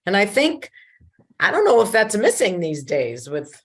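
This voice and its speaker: Woman, radio host, friendly interviewer, lively rising and falling pitch. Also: measured pace. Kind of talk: interview chat.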